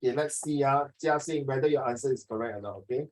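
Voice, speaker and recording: A man teaching an online English class over a video call, talking fast and jokingly, often ending his sentences with "ah" and "okay". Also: medium pitch, darkish tone, low-quality recording.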